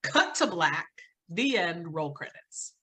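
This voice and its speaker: A woman's voice: fairly low pitch, sing-song, slow pace, sharp tone, husky. A woman co-hosting a podcast, recapping a film plot in casual chat with a sarcastic, disbelieving manner. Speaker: podcast co-host.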